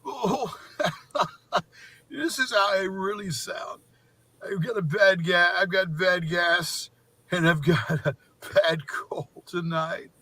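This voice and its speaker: A man's voice: sits high, takes it slowly, sharp tone, husky, exaggerated voice. A man putting on a mocking voice as a rambling, repetitive internet troll. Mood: mocking, giggly. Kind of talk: mocking parody monologue.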